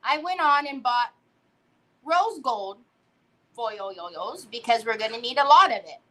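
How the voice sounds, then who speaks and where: A middle-aged woman hosting a crafting livestream, telling a story with animated energy and greeting viewers by name. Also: on the high side, a little slow, low-quality recording.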